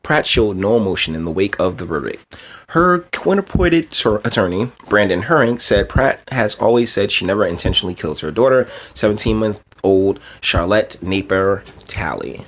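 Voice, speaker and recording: A man's voice: lowish voice, expressive, moderate pace. A man hosting his own commentary show, reacting bluntly and with feeling to news clips and reading out an article. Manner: blunt, emotional, exasperated. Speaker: commentary host.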